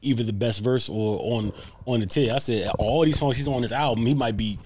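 Fast-talking rambling podcast man. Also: mid-range voice, a little mellow, slight background noise. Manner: quick, rambling, stumbles over restarts. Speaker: podcast co-host. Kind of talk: casual chat.

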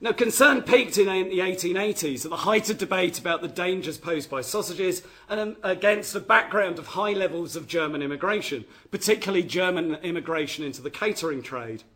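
A man's voice: high-pitched, brisk, hardly any pauses, fairly bright tone. A man giving an academic history lecture, reading from his notes and often restarting his phrases. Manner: reads from notes with frequent restarts.

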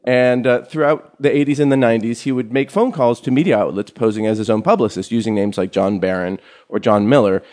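A man's voice: mid-range voice, steady tone, brisk, few pauses, darkish tone. A man hosting a comedy podcast, chatting casually and rambling with fillers and jokes. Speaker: podcast host.

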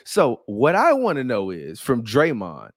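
Animated man riffing profanely on sports. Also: mid-range voice, a little slow, dry recording, clean studio sound. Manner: profane, animated, laughing riffs. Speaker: host. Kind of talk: casual comedic sports commentary.

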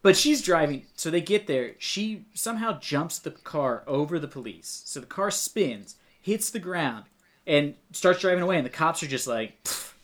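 A man's voice: on the high side, expressive, normal speed, fairly bright tone. A man co-hosting a casual film-review chat, ranting sarcastically and swearing.

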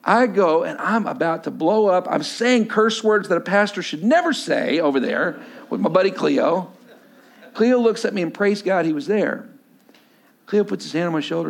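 Male pastor in his 40s, higher-pitched voice, animated storytelling sermon. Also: normal speed, vocal fry. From Texas. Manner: storytelling, acts out voices, drops low and quiet for emphasis.

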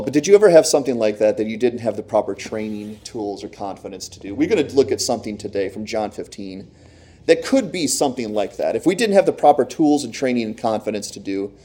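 A man preaching a sermon, telling a lively personal story and acting out the voices of others. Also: mid-range voice, husky. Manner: animated storytelling, acts out quoted voices. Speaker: pastor.

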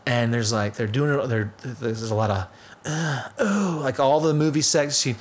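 A man in casual chat, animatedly retelling a film with crude jokes, laughing and shouting at times. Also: mid-range voice, normal speed.

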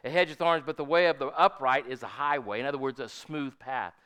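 Folksy older preacher man, bright voice. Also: medium pitch, brisk, smooth. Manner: folksy storytelling, asks congregation "Amen?". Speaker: pastor. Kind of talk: sermon.

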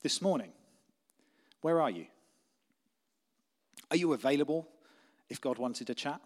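Conversational preacher, plain mid voice. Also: male voice, mid-range voice, expressive, measured pace. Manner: conversational, anecdotal preaching, softening to quiet intensity. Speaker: pastor. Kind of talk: sermon.

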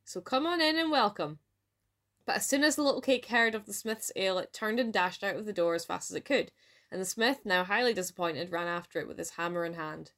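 A woman with a Scottish accent narrating a folk tale aloud in a lively storytelling manner. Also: fairly low pitch, fast. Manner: lively read-aloud with voiced dialogue.

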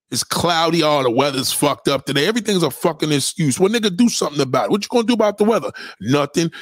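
A high-pitched, husky man rants on a podcast. He is loud, preachy and keeps repeating his points, and his pitch jumps all over. The mic is close and dry. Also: no room sound. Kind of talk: profane ranting commentary.

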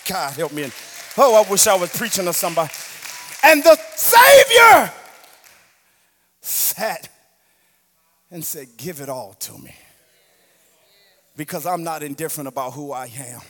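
A man preaching a passionate sermon in a church, drawing out his lines in a sing-song rhythm and building up to shouts. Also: on the high side, moderate pace, pauses often. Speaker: pastor. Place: church sanctuary.

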